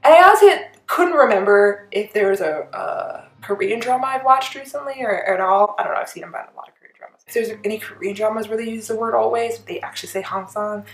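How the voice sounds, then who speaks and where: A woman hosting a casual reaction vlog, speaking in an animated way, breaking into laughs and loud exclamations. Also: mid-range voice, quick pace, few pauses. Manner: animated, bursts into laughter and shouting. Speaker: reaction channel host. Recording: echoey room with faint music.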